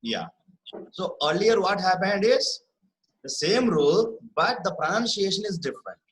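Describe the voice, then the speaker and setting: A man's voice: high voice, lively intonation, normal speed, fairly bright tone, rough recording. A man teaching a spelling lesson over a video call, repeating words and checking that his students follow. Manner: repeats words for emphasis, checks understanding often. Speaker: English teacher. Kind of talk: online class lecture.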